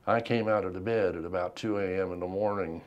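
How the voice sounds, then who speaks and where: An older man, a veteran, recounting his life in an oral history interview, unhurried and reflective with frequent pauses. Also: low voice, fairly even intonation, lo-fi sound.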